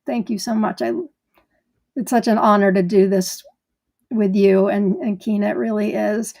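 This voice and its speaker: A woman's voice: medium pitch, fairly even intonation, normal speed, creaky, darkish tone. A woman hosting a live gardening stream in casual chat, greeting viewers by name in a chatty way.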